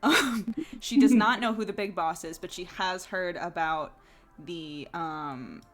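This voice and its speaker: A woman's voice: lowish voice, a little slow, over a noisy crowd. A woman with a New Jersey accent, chatting casually as a player on a tabletop game stream, rambling with lots of fillers and laughter. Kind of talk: casual chat.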